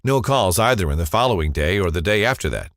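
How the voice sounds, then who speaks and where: A man with a low voice narrates a scripted first-person ad story in a dramatic, confessional way. His pitch moves expressively up and down, and the voice sounds close and dry with no room around it. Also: lively intonation, fast talker, a bit bright, no echo.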